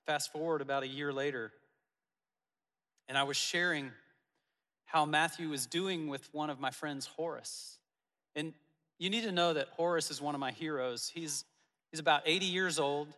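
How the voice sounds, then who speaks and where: Bright-voiced male pastor preaching in a hall. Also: on the high side, moderate pace, pauses often. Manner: personal storytelling, earnest and warm-hearted with soft asides. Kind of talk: sermon. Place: church auditorium.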